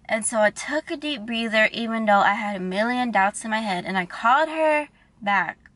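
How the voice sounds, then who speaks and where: Young woman, casual storytime vlog, emotional and candid, slangy, bright voice, dry sound. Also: medium pitch, fast talker, dry recording. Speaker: vlogger telling a personal story.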